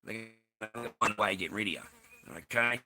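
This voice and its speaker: A man's voice: on the low side, fast. A man ranting over news clips in a crude, sweary, sarcastic way. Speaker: online streamer.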